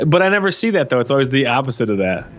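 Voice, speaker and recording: A man's voice: mid-range voice, sing-song, very fast, fairly bright tone, lo-fi sound. Rambling, enthusiastic man with faint music. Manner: rambling and enthusiastic, many restarts. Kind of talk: casual discussion of music.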